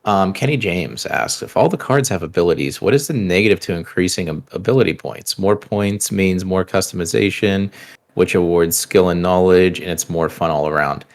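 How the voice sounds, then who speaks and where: A man's voice: low voice, normal speed. A man co-hosting a gaming podcast, reading listener questions aloud and chatting loosely. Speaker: podcast co-host. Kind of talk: casual chat.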